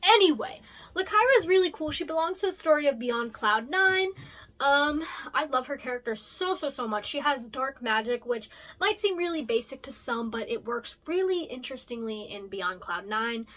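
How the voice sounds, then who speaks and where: A young woman chatting casually about her original characters, rambling with lots of fillers and self-corrections and lively jumps in pitch. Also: normal speed. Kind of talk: casual chat.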